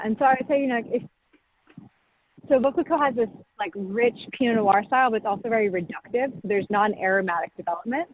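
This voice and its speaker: A woman, a champagne brand director, talking casually over a video call and explaining tasting, with lots of "like" and "you know.". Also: medium pitch. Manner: chatty, full of "like" and "you know". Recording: tinny video call audio with faint hiss.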